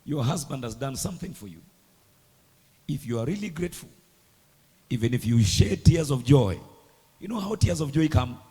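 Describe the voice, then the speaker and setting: Guy preaching, raspy voice, pitch jumping all over, big echoey church hall. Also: animated, normal speed, pauses often. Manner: dramatic, swings between hushed and loud lines. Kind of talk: sermon. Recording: echoey hall with long reverb.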